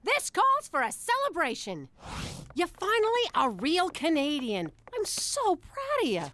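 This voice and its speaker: A woman's voice: very high voice, huge pitch swings, measured pace, a bit bright, slight background noise, full character voice. A woman voicing a brash, theatrical mob wife and mother with a New York Italian-American accent in a cartoon.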